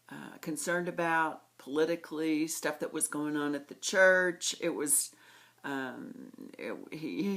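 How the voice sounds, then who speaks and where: A middle-aged woman speaks in a low, deep voice. She records a personal birthday message for her aunt. She talks slowly and fondly, pausing often as she recalls old times. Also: fairly bright tone. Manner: fond, reminiscing, slow with pauses. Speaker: niece giving a birthday tribute.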